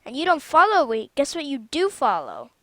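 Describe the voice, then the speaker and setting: A woman's voice: high-pitched, huge pitch swings, normal speed, no room sound. A woman giving casual gameplay commentary on her own game mod, rambling and chatty and often stopping to correct herself.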